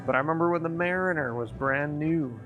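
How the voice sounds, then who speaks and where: A man from Wisconsin chats loosely on a live stream from his garage. His voice sits a touch high, and his stories wander with plenty of swearing. Soft music plays faintly underneath. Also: fairly quick. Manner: rambling, profane nostalgic storytelling. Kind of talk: casual stream chat. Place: home garage with a green screen.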